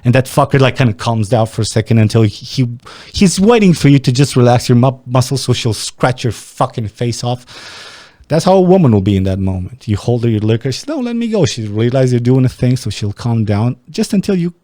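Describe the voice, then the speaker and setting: A man's voice: medium pitch, lively intonation, fairly quick, mellow, no echo, clean studio sound. A man from Romania, hosting a podcast in casual, rambling, profane chat. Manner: profane, rambling, blunt storytelling. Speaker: podcast host. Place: small podcast studio.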